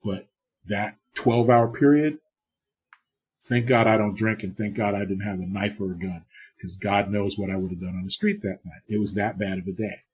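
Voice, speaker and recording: A man's voice: fairly low pitch, fairly even intonation, moderate pace, a little mellow. A middle-aged TV producer from the US East Coast, telling blunt, profane stories in a casual interview and acting out the exchanges he quotes.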